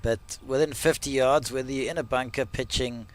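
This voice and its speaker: A man's voice: medium pitch, fairly even intonation, normal speed, a little hiss or hum. A man giving laid-back analysis as co-commentator on a live golf broadcast.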